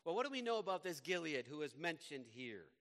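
A male pastor reading scripture and preaching a sermon in a slow, measured way. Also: fairly high pitch, big pitch swings, a bit bright. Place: church sanctuary. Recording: long reverb of a church hall.

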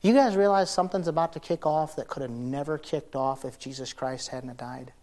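Man, middle-aged, pastor, sermon, conversational, higher-pitched voice, loud then hushed emphasis. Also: a little fast.

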